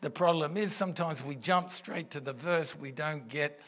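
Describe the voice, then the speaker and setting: A man's voice: a little high, normal speed, a bit bright. A man, preaching a sermon in a church and speaking into a stage microphone in an earnest, conversational way with rhetorical questions. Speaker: pastor. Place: church auditorium.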